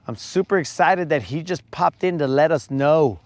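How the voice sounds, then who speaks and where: A man's voice: a little high, normal speed, dry recording. A man hosting a casual fishing vlog from a boat at night, joking around and talking to viewers like his bros. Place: outdoors on a boat at a lake at night.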